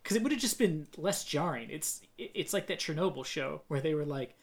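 Chatty voice reviewing a movie. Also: mid-range voice. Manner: animated, quick, questioning. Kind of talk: casual movie review chat.

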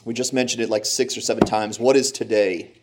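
A man preaching a humorous sermon, telling animated, self-deprecating stories. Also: fairly low pitch, a little fast, noisy background.

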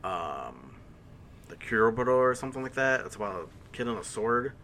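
A man's voice: mid-range voice, big pitch swings, moderate pace, sharp tone, a little hiss or hum. A man hosting a casual podcast chat, eager and rambling as he talks. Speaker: podcast host.

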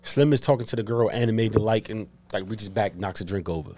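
A young man co-hosting a podcast, telling an animated story in casual chat, swearing freely. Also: fairly low pitch, a little fast, slight background noise. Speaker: podcast co-host.

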